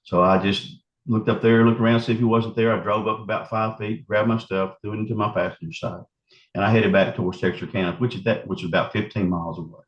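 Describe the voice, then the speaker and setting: A man telling his story in an interview, vivid and halting with many restarts. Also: on the low side, fairly even intonation. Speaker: eyewitness recounting an encounter. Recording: roomy, slightly muffled interview audio.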